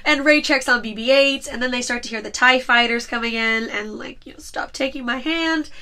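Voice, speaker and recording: A woman's voice: on the high side, fairly quick, sharp tone. A woman hosting a casual chat podcast, giggling often and retelling movie scenes with lots of "like". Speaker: podcast host.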